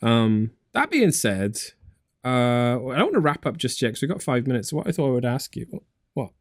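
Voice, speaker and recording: A man's voice: mid-range voice, sing-song, brisk, dry recording. Rambling English man, dry close sound. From England. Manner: rambling, lots of "like" and restarts. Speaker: podcast host. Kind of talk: casual chat.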